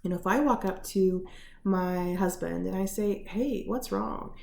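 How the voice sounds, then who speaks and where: A woman giving a casual lesson on feelings from her living room, explaining gently with many fillers. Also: fairly low pitch, fairly even intonation, normal speed, gravelly, reverberant, a little hiss or hum. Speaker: teacher.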